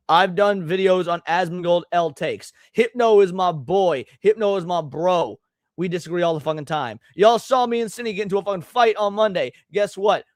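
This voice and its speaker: A man's voice: high voice, no echo, studio quality. A man hosting a live stream, reacting to clips with blunt, profane, emphatic rants. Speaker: streamer host.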